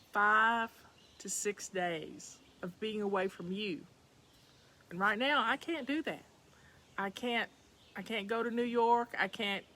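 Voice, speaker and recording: A woman's voice: mid-range voice, a bit bright. A woman with a Southern accent hosting a casual chat from home, folksy and chatty, talking to her viewers as y'all. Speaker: livestream host.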